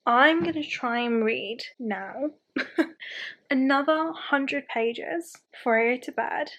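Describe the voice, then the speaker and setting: Young adult woman, casual rambling vlogger, self-deprecating, slightly high voice. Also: a bit bright. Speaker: book vlogger. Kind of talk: casual chatty vlog.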